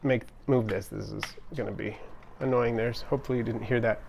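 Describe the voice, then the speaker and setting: A man's voice: mid-range voice, fairly even intonation, fairly quick, gravelly, a little mellow, lo-fi sound, slight background noise. A man hosting a casual pet livestream from home, chatting upbeat with viewers and reading their comments aloud with frequent ums and restarts. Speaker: livestream host. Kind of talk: casual live-stream chat, reading comments. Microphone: camera on tripod.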